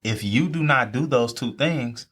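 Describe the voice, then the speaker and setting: A man's voice: mid-range voice, unhurried, fairly bright tone. A young man, talking faith casually and repeating phrases for emphasis. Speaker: podcast co-host. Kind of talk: faith talk among friends.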